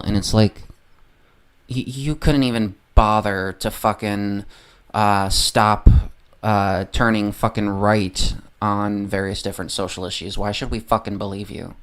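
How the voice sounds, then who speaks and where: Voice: low voice, steady tone, measured pace, a bit bright, clear, resonant tone. A livestreamer ranting casually about politics, heavily profane and rambling, often losing the train of thought.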